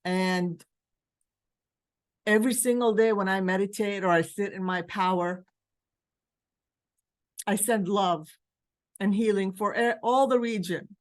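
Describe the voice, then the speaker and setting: A woman's voice: mid-range voice, unhurried, long pauses. A woman from Palestine hosting a virtual spiritual gathering, speaking earnestly and with emotion, urging her listeners, recorded over a video call mic. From West Bank, Palestine. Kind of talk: heartfelt talk to a virtual group.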